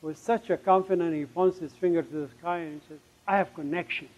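A middle-aged man with a notably high voice tells his life story from a stage. He is emphatic, voices both sides of old conversations and sinks to a hush at tense moments. The recording sounds dull and lo-fi. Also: steady tone, a little fast. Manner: emphatic, with sudden drops to a hush. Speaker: speaker giving a testimony. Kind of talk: dramatic storytelling testimony.

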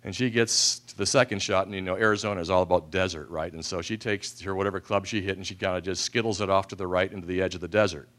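A man's voice: sits low, steady tone, fast, hardly any pauses, a bit bright. A man giving a speech to an audience, telling self-deprecating humorous anecdotes and acting out the voices in them. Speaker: speaker at an event.

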